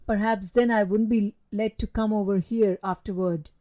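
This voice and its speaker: A woman voicing a timid, gentle young boy who speaks softly and wistfully in a storybook reading. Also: mid-range voice, steady tone, moderate pace, natural voice. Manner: soft and wistful.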